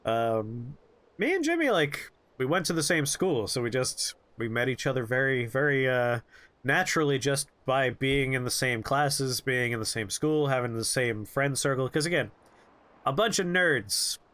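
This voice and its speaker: A man's voice: mid-range voice, lively intonation, moderate pace, fairly bright tone. A young man streaming a game who tells a rambling, jokey story with lots of animation. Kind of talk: storytelling while playing a game.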